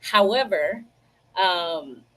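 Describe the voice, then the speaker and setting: A woman from the United States who hosts a casual livestream, chatting straight to her viewers and telling stories in an animated way. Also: on the low side, very slow, slight background noise. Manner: chatty, animated storytelling, talks to viewers directly. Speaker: livestream host. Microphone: computer mic, livestream.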